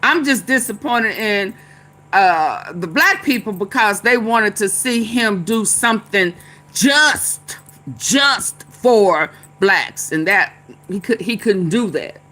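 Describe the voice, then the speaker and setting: A woman's voice: mid-range voice, lively intonation, slow pace, a bit bright. A woman vlogger giving casual, chatty political commentary, laughing often and chanting refrains.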